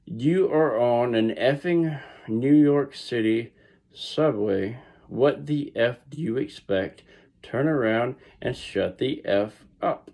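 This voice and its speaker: A man with a Southern US accent voicing a rude, swearing male subway rider in a harsh, slow, scolding way. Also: medium pitch, vocal fry, darkish tone, pitched above the performer's own voice. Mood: scornful.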